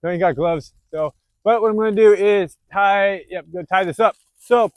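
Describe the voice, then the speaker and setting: A man from the US Northwest, a homesteader, talking loudly and rambling with self-deprecating humor while he works outside in the snow. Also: high-pitched, moderate pace, no echo. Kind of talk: casual vlog narration while working. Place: outdoors in the snow at a dog pen.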